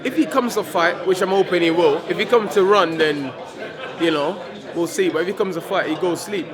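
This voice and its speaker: A man's voice: high-pitched, fairly quick, crowd noise. A man, a heavyweight boxer in a casual press interview, talking defiantly and repeating himself, stumbling over words.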